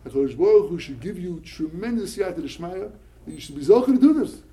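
A male rabbi talks to yeshiva students in a high, swooping voice, his tone soft and warm rather than bright. He tells stories animatedly, mixing Hebrew and Yiddish terms into English and repeating words as he gets worked up. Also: brisk, low-quality recording. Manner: animated storyteller, repeats words when excited. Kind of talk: motivational talk to yeshiva students.

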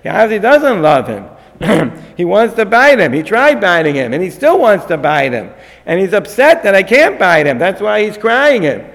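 A man teaching a lecture on a Torah text, animated and acting out the figures in the story. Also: sits high, moderate pace, gravelly. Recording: long hall reverb.

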